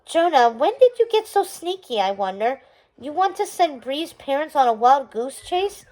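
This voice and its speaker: A woman voicing a bossy, lively young girl heroine in a storybook read-aloud. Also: sits high, moderate pace, rough recording.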